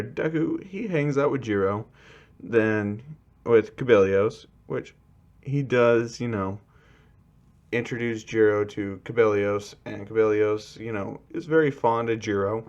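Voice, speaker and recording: A man tells a fan-made story in a casual, rambling way, leaning on fillers. His voice sits low and his pace is slow and drawn out. The recording is muffled and lo-fi. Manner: rambling, many fillers, little change of voice for characters.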